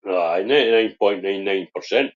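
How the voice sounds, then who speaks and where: A man's voice: lowish voice, moderate pace. Swearing, laughing man on dull stream audio. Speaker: stream co-host. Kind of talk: casual live-stream chat.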